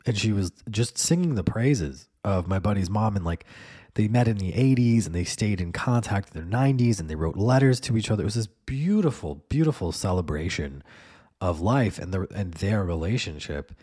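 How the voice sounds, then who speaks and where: A man's voice: lowish voice, lively intonation, moderate pace, warm tone, husky. A man hosting a podcast, rambling through a casual monologue with lots of fillers and swearing. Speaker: podcast host.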